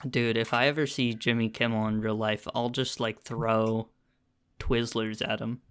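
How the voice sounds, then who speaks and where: A man's voice: medium pitch, level tone, a little slow, a bit bright, smooth. A young man co-hosting a podcast in casual chat, telling rambling stories and laughing often. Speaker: podcast co-host.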